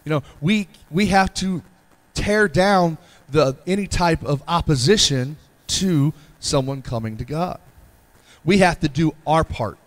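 Middle-aged pastor preaching, kinda high voice, earnest and pleading, lots of amens. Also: male voice, measured pace. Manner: earnest, repetitive pleading delivery with frequent "Amen". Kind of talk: sermon.

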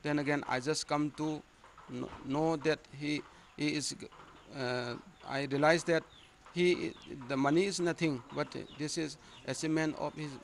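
A man speaking earnestly in an interview, halting and restarting his sentences. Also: on the high side, steady tone, gravelly, a little hiss or hum. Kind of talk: interview answers.

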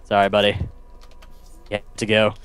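Man, lowish voice, casual co-op gameplay commentary, gunfire behind. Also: smooth, faint music behind. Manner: excitable, quick exclamations while playing.

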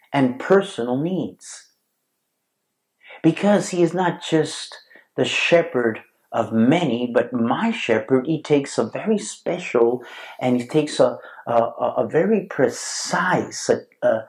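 Male pastor, mid-pitched, unhurried sermon delivery, halting and emphatic. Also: a little mellow. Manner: slow and deliberate, with frequent fillers and repeated words; stresses key words, reads Bible verses aloud.

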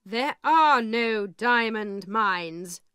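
A blunt, matter-of-fact lawyer, as a woman reading a storybook puts him on, laying out the facts slowly and evenly. Her voice stays fairly high and lively underneath, recorded close and dry. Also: smooth, no room sound, exaggerated voice. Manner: measured, matter-of-fact, slow. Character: calm, blunt male lawyer, middle-aged.

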